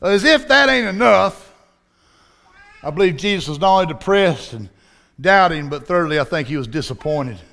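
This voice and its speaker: A man's voice: fairly high pitch, lively intonation, normal speed, gravelly, a bit bright. A man preaching a sermon with a Southern accent, in a folksy, down-home style. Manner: folksy, preaching with dialect and acted-out voices.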